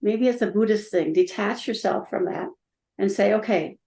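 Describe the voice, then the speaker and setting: A woman's voice: medium pitch, normal speed, creaky, warm tone. A woman hosting a casual interview podcast, chiming in with encouraging agreement. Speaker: podcast host. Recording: roomy echo.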